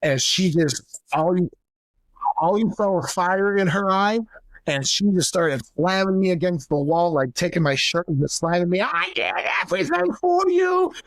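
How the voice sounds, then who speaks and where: A man's voice: high-pitched, moderate pace, dry recording, studio quality. A young man, a podcast co-host, candidly retelling a painful family story and acting out the voices of the people in it. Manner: candid, emotional retelling, acts out quoted voices. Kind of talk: personal storytelling.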